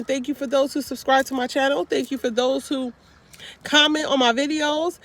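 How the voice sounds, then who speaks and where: High-voiced upbeat woman vlogging. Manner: upbeat, repetitive, slangy encouragement. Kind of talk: motivational casual talk to camera. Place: inside a parked car. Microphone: handheld phone.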